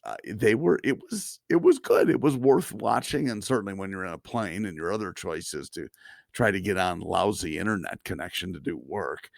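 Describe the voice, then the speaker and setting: A low, gravelly male voice drifts through relaxed podcast chat. He stops and restarts his thoughts often and lets out the odd chuckle. The sound is close and dry, with no room around it. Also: no room sound. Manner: halting, many restarts, chuckling. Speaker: podcast co-host. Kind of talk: casual chat.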